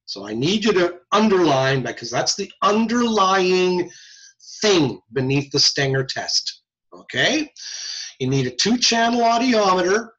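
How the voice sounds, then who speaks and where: A man's voice: high voice, sing-song, unhurried, fairly bright tone. A man lecturing a class on hearing tests, asking his students rhetorical questions. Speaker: audiology lecturer. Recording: muffled lo-fi lecture recording.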